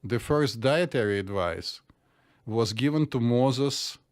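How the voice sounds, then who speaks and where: A man's voice: mid-range voice, slow, clean tone. Man from the former Soviet Union, dry humor. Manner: dry joking, slightly stiff phrasing. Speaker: podcast co-host, psychiatrist. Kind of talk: casual chat.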